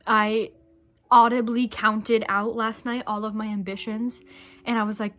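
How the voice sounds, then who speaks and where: A woman's voice: a little high, fairly even intonation, a little slow, fairly bright tone. A young adult woman talking straight to camera in an earnest, rambling, emotional way, swearing casually as she shares her thoughts. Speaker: vlogger. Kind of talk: heartfelt direct-to-camera monologue.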